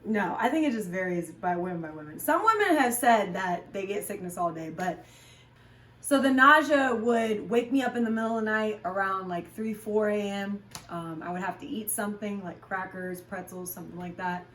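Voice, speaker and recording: A fitness vlogger and class instructor chats frankly in a relaxed vlog, at a moderate pace and an ordinary pitch, peppering her talk with ums and likes. She sits a little way from the mic, so the sound is roomy with a noticeable echo.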